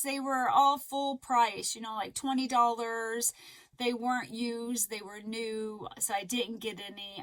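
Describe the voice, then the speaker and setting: A woman chatting casually in a crochet vlog, rambling and excitable with lots of fillers. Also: high-pitched, rough recording. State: a little out of breath. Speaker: crochet vlogger.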